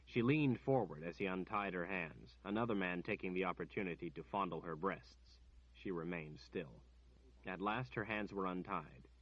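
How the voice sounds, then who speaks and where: Man, audiobook narration, steady and measured, husky low voice, dull lo-fi recording.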